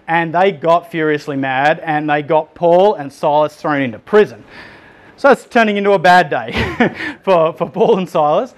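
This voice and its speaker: A fairly high-voiced man gives a relaxed, conversational sermon. He tells the story in an animated way and leans on lots of filler words. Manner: chatty, animated retelling with laughs and filler words. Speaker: pastor.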